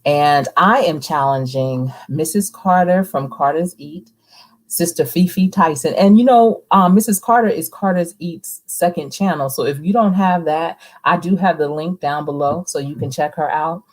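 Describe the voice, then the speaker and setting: A woman's voice: low voice, moderate pace, a little mellow. A woman hosting a casual live stream, chatting with viewers and reading their comments aloud. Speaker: livestream host, coach.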